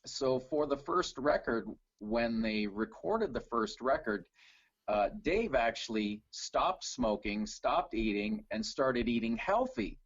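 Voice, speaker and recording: Husky-voiced man telling stories casually. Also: medium pitch, slow pace, no echo, dull audio. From Canada. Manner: relaxed storytelling with fillers. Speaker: guest, tribute singer. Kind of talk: casual video call interview.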